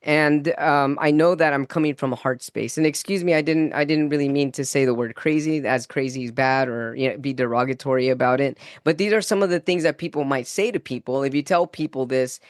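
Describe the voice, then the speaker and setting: A man guesting on a podcast, telling an earnest personal story in a casual, animated way, acting out his own inner dialogue and laughing easily. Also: medium pitch, a little fast, few pauses, dry recording, clean studio sound. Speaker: guest spiritual channeler.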